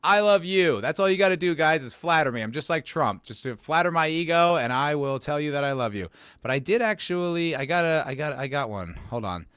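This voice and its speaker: A man's voice: fairly high pitch, lively intonation, a little fast, fairly bright tone, smooth, no echo, studio quality. Rambling, profane male podcast host. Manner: rambling, profane and self-mocking. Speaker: podcast host reading live chat. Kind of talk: casual livestream chat.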